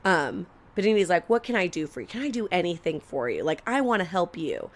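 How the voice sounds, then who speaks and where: A woman's voice: fairly low pitch, sing-song, fairly quick. A young adult woman co-hosting a podcast, telling a long story in casual chat, acting out quotes and swearing freely. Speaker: podcast co-host.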